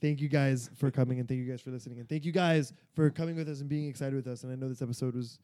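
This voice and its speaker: A man's voice: mid-range voice, fairly even intonation, rapid-fire, warm tone, no room sound, clean studio sound. A man co-hosting a podcast in casual chat, telling stories animatedly and swearing freely. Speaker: podcast co-host.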